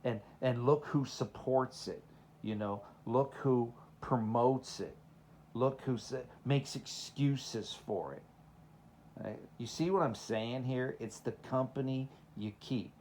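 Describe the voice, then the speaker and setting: A man's voice: medium pitch, slow pace, a little mellow, a little hiss or hum. A man from Texas with a Southern accent, preaching in a casual, conversational way, telling personal stories and asking the listeners rhetorical questions. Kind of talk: informal sermon with personal stories.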